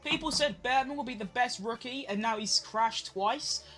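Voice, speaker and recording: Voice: mid-range voice, normal speed, fairly bright tone, soft background music. Young adult, live watch-along host, chatty, rambling, casual swearing, home streaming mic. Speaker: streamer hosting a race watchalong.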